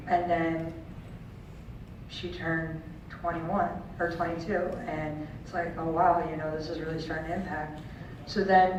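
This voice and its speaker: A woman in her thirties tells a heartfelt personal story to an audience and acts out the voices of the people she quotes. She is heard from far off on a dull recording. The large hall around her echoes heavily. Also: lowish voice. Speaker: speaker at a charity auction. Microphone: handheld camera far from the stage. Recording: distant, dull and very echoey with faint room noise.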